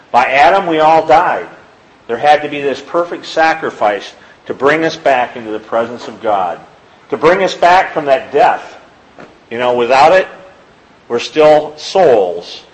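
A man giving an informal sermon, reading scripture aloud and talking plainly to his listeners. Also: rough recording. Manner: conversational, reads scripture aloud, rises in pitch when pressing a point. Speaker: lay preacher.

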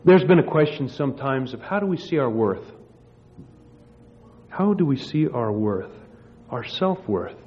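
A man's voice: medium pitch, expressive, unhurried, pauses often, a little hiss or hum. A man preaching a sermon, telling a story with many restarts before reading scripture. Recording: muffled lo-fi sermon recording.

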